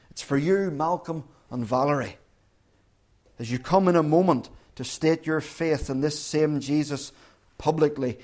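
A man preaching a sermon as pastor, slow and emphatic, repeating key phrases. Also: on the high side, darkish tone. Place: church during communion service.

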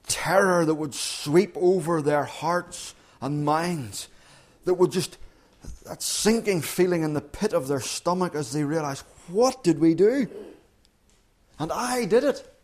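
A man preaching a sermon, who acts out the crowd's and Peter's words with dramatic rises and falls. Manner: dramatic, acts out quoted voices with big swings in pitch.

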